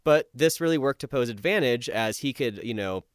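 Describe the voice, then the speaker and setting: Rambling casual man, smooth dry voice. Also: mid-range voice, animated, normal speed, dry recording. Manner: rambling, many fillers. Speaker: podcast co-host. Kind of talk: casual chat.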